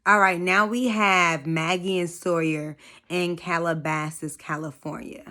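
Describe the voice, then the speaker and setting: A woman's voice: fairly low pitch, steady tone, unhurried, sharp tone. A woman recapping a reality show in a casual, slangy way, speaking candidly and swearing often, with chatty asides to her viewers.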